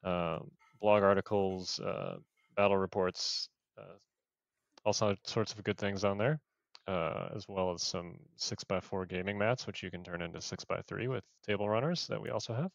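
A man's voice: low-pitched, steady tone, normal speed, gravelly, no room sound, highs cut off. A man hosting a casual podcast, upbeat and full of fillers. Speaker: podcast host.

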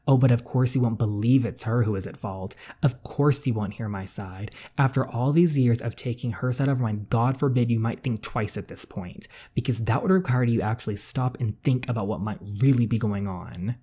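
A bitter, defiant teenage girl snaps at her family in a story game, as a man reads her part aloud. Her voice is mellow and dark under the lifted pitch, sharp and exasperated. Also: normal speed, hardly any pauses, slightly rough, natural voice. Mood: angry.

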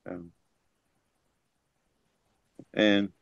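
A man teaching through unhurried stories, full of fillers and the tag "eh?". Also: dry recording. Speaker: language teacher. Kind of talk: storytelling teaching talk. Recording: dry, dull lo-fi recording.

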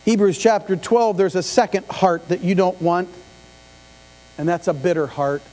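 A middle-aged pastor with a high, darkish voice preaches at a moderate pace, chatting with the congregation through frequent questions and asides. The sermon is streamed live from the church sanctuary, with long reverb and mains hum in the recording.

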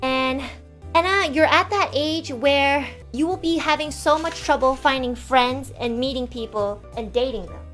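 Young woman playing a pushy middle-aged aunt, coaxing, insistent, high voice, faint music behind. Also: measured pace, a bit bright. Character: nagging middle-aged aunt matchmaking her niece.

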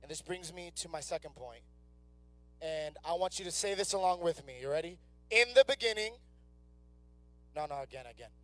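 High-voiced young male preacher. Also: brisk, no echo, faint music behind. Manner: conversational preaching, acts out inner voices. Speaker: youth pastor. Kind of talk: sermon. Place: church sanctuary.

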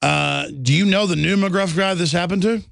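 A man hosting a talk radio show, brash and mocking, talking fast and excitably with a caller. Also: high voice, a little hiss or hum. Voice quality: gravelly. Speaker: radio host.

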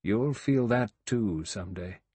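A man over sixty voicing a quiet, grave old male general who speaks gently and slowly. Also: fairly low pitch, lively intonation, husky, no room sound, exaggerated voice. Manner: gentle, slow, musing.

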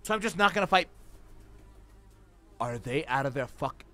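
A young man streaming a horror game, reacting loudly with swearing, sudden shouts and jokes at his chat. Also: a little high, moderate pace. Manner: loud, profane, excitable reactions with sudden shouts; trash-talking, joking with chat. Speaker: gaming streamer. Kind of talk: livestream gameplay commentary.

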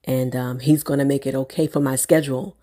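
A woman's voice: rumbling low, steady tone, fairly quick, dark tone. A woman speaking off the cuff in a spiritual encouragement vlog, rambling and prayerful, with many fillers and restarts. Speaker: online prophetic encourager.

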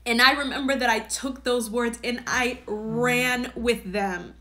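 A woman with a bright, slightly high voice recounts a personal story as a podcast host. She speaks earnestly and from the heart. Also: steady tone, unhurried, few pauses.

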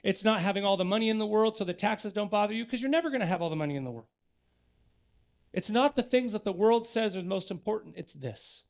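A man's voice: high-pitched, animated, fast, vocal fry. A man in his thirties, a pastor preaching an earnest sermon in church that builds to emphatic exhortation.

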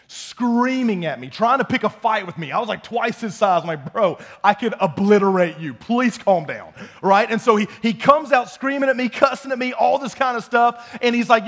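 A young man giving a youth sermon as student pastor, animated and often close to shouting. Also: sits high. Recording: long hall reverb.

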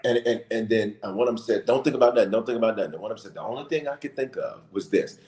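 A bishop preaching with impassioned, rising emphasis in a casual church talk. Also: male voice, on the low side, racing, mellow, echoey room.

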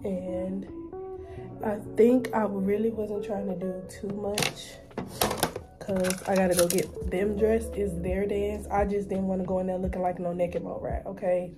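A young mother talks straight to her viewers in a casual vlog, chatty and open about her feelings. Her pitch sits in a middle range. Music plays clearly behind her. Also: level tone, a little slow. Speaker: vlogger, mother. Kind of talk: casual vlog chat to camera.

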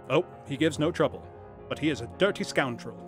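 A bluff, hearty police inspector, as a man reading aloud puts him on, loud and matter-of-fact, with a lively swing to his voice. Quiet music sits underneath. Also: on the high side, brisk, close to an everyday voice.

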